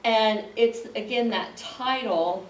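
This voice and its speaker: A woman teaching a church Bible class, talking the group through a passage at an easy pace with fillers and pauses. She sits a little back from the mic in a roomy space. A faint hiss runs under her voice. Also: on the high side, far from the mic. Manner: conversational, explaining with pauses and fillers. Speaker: Sunday school teacher.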